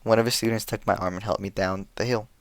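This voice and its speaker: A man narrates a novel in the first person, plain and steady. His voice is low and smooth. The sound is close and dry, with no room around it. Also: fast talker, no echo. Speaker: audiobook reader. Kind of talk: audiobook narration.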